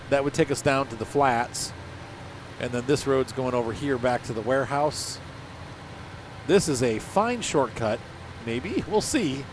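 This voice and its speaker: A man with a stuffed-up nose from allergies, casually commenting on his gameplay in a rambling, joking, self-deprecating way. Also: mid-range voice. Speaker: gaming channel host. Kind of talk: casual let's-play commentary. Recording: game engine and vehicle noise behind.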